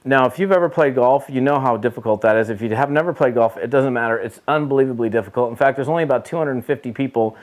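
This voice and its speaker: A man's voice: mid-range voice, a little mellow. A middle-aged man, a network marketing trainer, telling a story to camera in a casual motivational talk and repeating points for emphasis.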